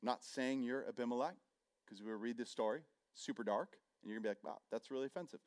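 A middle-aged man preaching a sermon, telling the story with animated energy, acting out voices and joking at his own expense. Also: medium pitch, fast talker. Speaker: pastor.

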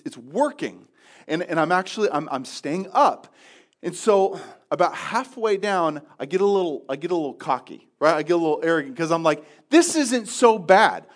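A high-voiced man pastor delivers a sermon as a relaxed, humorous story. He pokes fun at himself in a chatty way and often stumbles over his words to restart his sentences. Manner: self-deprecating, chatty, many restarts.

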